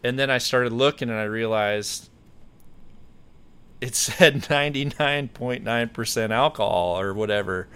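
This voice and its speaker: A man's voice: medium pitch, a little slow, a bit bright, smooth. A man hosting a podcast, telling a story in a rambling, self-correcting way. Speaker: podcast host. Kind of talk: casual storytelling chat.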